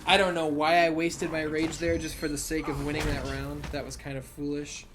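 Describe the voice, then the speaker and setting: A man's voice: on the high side, level tone, normal speed, noisy background. A tired man giving casual, profane gameplay commentary late at night, rambling between laughing asides. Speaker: let's play gamer.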